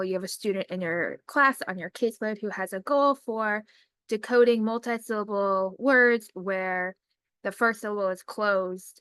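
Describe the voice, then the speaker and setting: A woman who works in special education, giving a casual screen-recorded demo lesson and reading her typed prompts aloud slowly. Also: medium pitch, fairly bright tone, dry recording. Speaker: special education teacher trainer.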